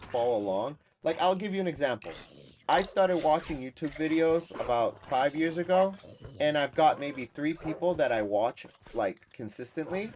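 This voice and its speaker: A man's voice: fairly high pitch, darkish tone, a little hiss or hum. A man from Massachusetts hosting a gaming livestream, chatting casually and rambling with his viewers, switching freely into Spanish. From Massachusetts, USA. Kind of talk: casual chat with live chat viewers.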